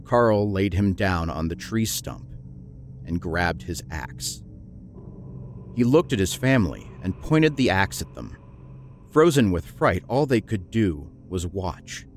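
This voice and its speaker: Man reading a creepy horror story, real deep voice, steady and grim, soft music behind. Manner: low, measured, grim storytelling. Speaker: narrator. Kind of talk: scripted horror story narration.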